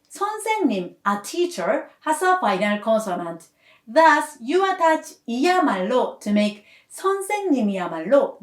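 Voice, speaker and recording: A woman language teacher giving a scripted grammar lesson, explaining each point clearly and patiently. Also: fairly high pitch. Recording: echoey room.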